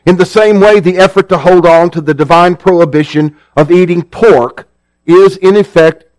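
A man preaching a sermon in a measured, earnest teaching manner. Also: high-pitched, a little mellow, poor audio.

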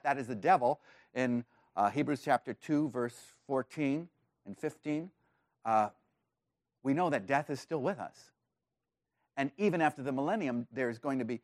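A man delivers a sermon from the pulpit in a mid-pitched voice, recorded close with little room sound. He speaks earnestly and builds to excited, emphatic peaks. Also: no echo. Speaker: pastor.

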